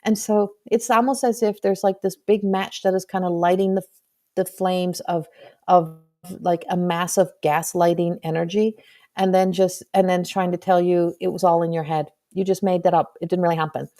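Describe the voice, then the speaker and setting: A woman's voice: fairly low pitch, level tone, moderate pace, warm tone. A woman hosting a live stream as a spiritual medium, talking in a chatty, earnest and frank way, with playful swearing.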